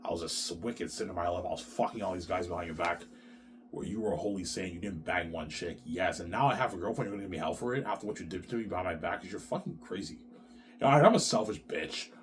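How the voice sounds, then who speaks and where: A middle-aged man's voice sits on the low side and races along in a rambling vlog rant. He swears often and repeats himself, ending phrases with "man." A faint hiss of noise runs underneath. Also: quick pace. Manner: profane, repetitive, ends phrases with "man". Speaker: vlogger. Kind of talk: ranting monologue.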